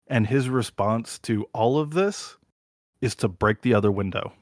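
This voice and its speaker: A man casually recounting a TV scene on a podcast, animated and profane, swearing freely. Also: mid-range voice, measured pace, no room sound, studio quality. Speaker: podcast host. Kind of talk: casual chat, retelling a show scene.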